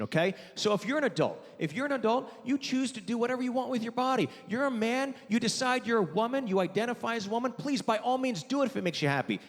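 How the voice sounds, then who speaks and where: A man in his forties performing a stand-up comedy set, telling loud, animated stories and breaking into sudden high yelps. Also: in a large hall. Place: theater stage before a live audience.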